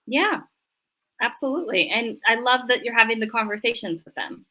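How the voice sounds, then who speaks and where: A woman's voice: on the high side, expressive, moderate pace, bright, forceful tone. A middle-aged woman, a family therapist, chatting animatedly in an interview and acting out voices when she quotes people. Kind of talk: casual interview chat.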